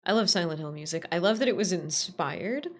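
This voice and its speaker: Playful woman streamer, slightly low voice. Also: animated, fairly quick. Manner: playful, teasing, laughs often. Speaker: VTuber streamer. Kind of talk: casual live-stream chat.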